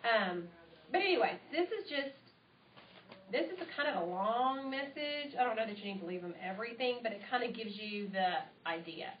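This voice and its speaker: A woman's voice: on the high side, expressive, normal speed. A bubbly woman with a twang runs a live training session, talking cheerfully to a small group. She is caught from across a roomy space on a tablet mic, so the sound is distant and a bit dull, with a faint hiss underneath. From United States. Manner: bubbly and enthusiastic, chatty. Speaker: sales trainer. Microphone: tablet mic from across the room.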